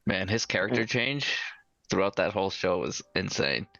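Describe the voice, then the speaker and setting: A man chatting casually on a stream, upbeat and quick to laugh. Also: sits low, expressive, creaky, pushed and bright, no room sound. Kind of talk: casual group chat. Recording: dry, muffled stream audio.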